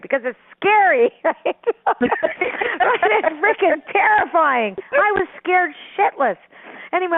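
A middle-aged woman telling a personal story as a caller, animated and rambling, with restarts and frequent laughs. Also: a little high, no echo. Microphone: telephone. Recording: tinny phone line.

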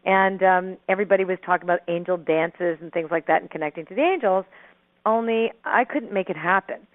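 Middle-aged woman, caller on a tinny phone line, dry sound, rambling and animated, laughs a lot. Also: fairly low pitch, a little fast, no echo. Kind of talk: telling a personal story. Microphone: telephone.

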